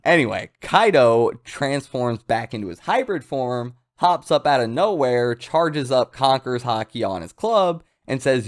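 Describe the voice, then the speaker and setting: A man giving casual, excitable commentary as a comics reviewer. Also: medium pitch, moderate pace, few pauses. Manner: excitable, animated, hyped. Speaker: manga reviewer.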